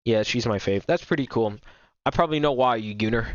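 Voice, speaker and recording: A young man reacting to a game and talking to his viewers, stumbling over repeated words and apologizing often. His voice sits in an ordinary middle pitch. The sound comes through a dull, lo-fi home microphone. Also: a little fast, no room sound. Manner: rambling, repetitive, apologetic. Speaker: gaming streamer. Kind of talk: casual reaction commentary while chatting with viewers.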